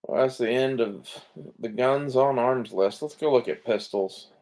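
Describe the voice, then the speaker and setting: A man's voice: medium pitch, a little slow, a little mellow. A man giving casual, rambling commentary on gun listings, laid-back and sleepy, swearing often and trailing off with fillers. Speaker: gun vlogger browsing listings.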